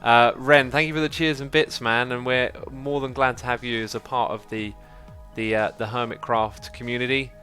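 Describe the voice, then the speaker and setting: A man hosting a casual livestream, calm and easygoing as he reads out chat and thanks viewers. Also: medium pitch, moderate pace, faint music behind. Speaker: livestream host reading chat.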